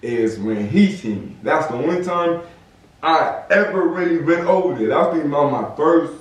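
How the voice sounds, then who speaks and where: A man's voice: a little high, normal speed, recorded from a distance. Young man telling a street story, echoey. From Southern California. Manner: animated, slangy, acts out quotes. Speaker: podcast host. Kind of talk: casual storytelling. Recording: echoey room, off-mic.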